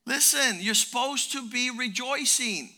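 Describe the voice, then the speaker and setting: An older man preaching a sermon as pastor, fervent and emphatic, repeating words and rising to shouted peaks. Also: very high-pitched, a little slow, gravelly.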